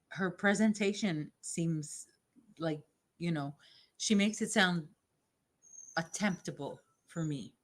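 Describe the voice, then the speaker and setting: Brief: low-pitched woman host, unhurried, friendly crochet-stream chatter, addresses viewers by name. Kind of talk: casual chat while crocheting.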